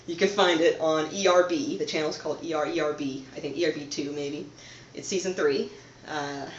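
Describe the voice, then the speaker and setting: Woman host, soft-spoken conspiratorial monologue to camera; roomy, dull-edged home audio. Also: sits low, slight background noise. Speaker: channel host.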